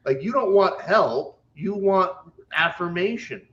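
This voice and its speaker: A man's voice: high-pitched, lively intonation, measured pace, a bit bright, dull audio. A man co-hosting a podcast, telling stories bluntly with lots of swearing and acted-out quotes in casual chat. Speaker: podcast co-host.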